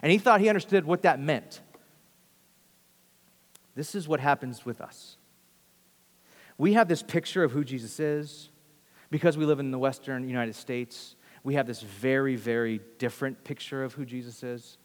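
A pastor preaches earnestly in a mid-range voice at a moderate pace, pausing often. He frequently repeats phrases and restarts sentences. The recording carries long hall reverb.

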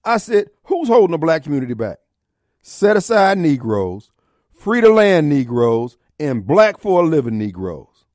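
Animated high-voiced talk radio host. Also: male voice, measured pace, dry recording, clean studio sound. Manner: combative, mocking, preachy rants. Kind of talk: opinionated talk radio monologue. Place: radio studio.

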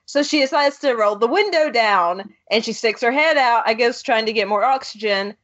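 A woman's voice: on the high side, normal speed, fairly bright tone. A woman co-hosting a casual movie discussion, narrating the plot step by step and quoting the characters. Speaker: podcast co-host. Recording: dull lo-fi sound.

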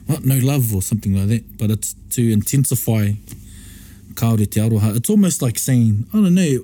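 A man's voice: fairly low pitch, normal speed, mellow. A man in a casual chat about the Māori language, eagerly echoing phrases back and asking questions. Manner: eager, echoes phrases back, chuckles often.

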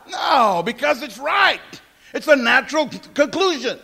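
Male pastor, high register, animated and emphatic, preaching to his congregation. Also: fairly quick, vocal fry. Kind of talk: sermon.

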